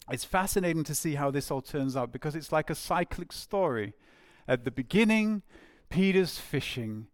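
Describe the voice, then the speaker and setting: A man's voice: fairly high pitch, no echo, studio quality. A man preaching a sermon in an earnest way, repeating key phrases for emphasis.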